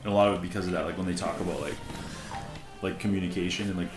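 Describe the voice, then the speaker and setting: Low-voiced man in an echoey room. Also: steady tone, rapid-fire, over music. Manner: rambling, profane, many fillers and restarts. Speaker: podcast co-host. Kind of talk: casual chat while playing a game.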